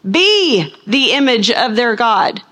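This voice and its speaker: This woman's sermon moves with big pitch swings in a fairly high, fairly bright voice. As a Bible teacher, she questions her listeners, answers for them, and slows down to press on key words.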